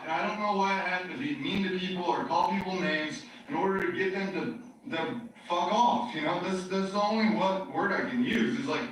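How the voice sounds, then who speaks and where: A man's voice: high voice, fairly bright tone. Agitated ranting man, echoey from far. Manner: agitated, ranting, repeats himself with many fillers. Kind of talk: rambling recorded monologue. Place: recording played back in a courtroom. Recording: very echoey playback heard from far off.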